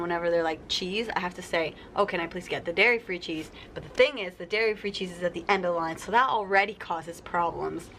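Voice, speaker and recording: A woman's voice: on the low side, fairly bright tone. Young woman vlogger, chatty storyteller; faint room noise under her voice. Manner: chatty storytelling, acts out quoted people. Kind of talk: casual sit-down vlog.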